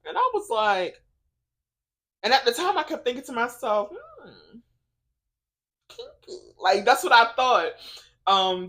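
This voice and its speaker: A woman vlogging in a casual, faith-based chat, telling stories in an animated, emotional way with lots of laughter and "like". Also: medium pitch. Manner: chatty storytelling, lots of "like".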